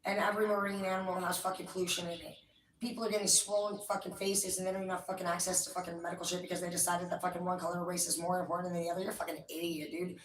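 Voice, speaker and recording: A woman's voice: fairly low pitch, level tone, very fast. A woman rants in a loose, wandering monologue, cursing in nearly every sentence. She sits some way back from the microphone, and her voice bounces around a roomy, echoing space. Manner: profane, swears constantly, rambling. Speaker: tarot streamer. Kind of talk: rambling casual monologue. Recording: echoey room, distant mic.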